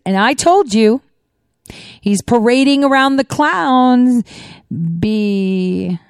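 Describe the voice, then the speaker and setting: Smooth-voiced woman hosting a talk show. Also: on the low side, a little mellow, no echo, clean studio sound. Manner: rambling, conversational, with many asides. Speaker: show host. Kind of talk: casual political commentary.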